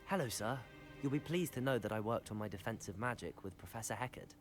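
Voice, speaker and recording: A polite young student wizard, voiced by a man, speaks earnestly to his teachers in a lively voice. Light game music plays behind. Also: medium pitch, quick pace, lightly acted.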